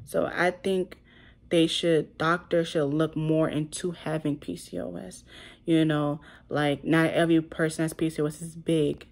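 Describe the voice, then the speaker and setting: Young woman vlogger, low and gravelly voice, rambling emotional storytelling. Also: flat delivery, measured pace, darkish tone. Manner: emotional, rambling, heavy use of "like". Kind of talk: casual storytelling to camera.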